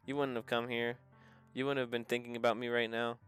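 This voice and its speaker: A man reading the lines of a gloomy teenage girl who admits her sadness, in a soft, subdued voice pitched below his own. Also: level tone, brisk, clear, resonant tone, faint music behind, lightly acted. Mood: despairing. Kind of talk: reading visual novel dialogue aloud.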